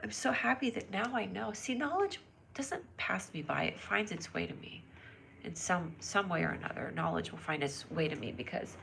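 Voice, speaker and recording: Bubbly, bright-voiced woman live-streaming. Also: medium pitch, expressive, moderate pace, creaky, slight background noise. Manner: bubbly, giggly, rambling. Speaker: livestream host. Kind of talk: casual live-stream chat reading comments. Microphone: phone camera.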